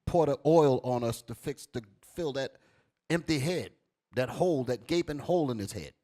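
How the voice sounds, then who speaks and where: A man preaching a fiery sermon, commanding a reader to read verses and then expounding them. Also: normal speed. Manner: swings from low and quiet to loud and high. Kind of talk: street sermon with scripture reading.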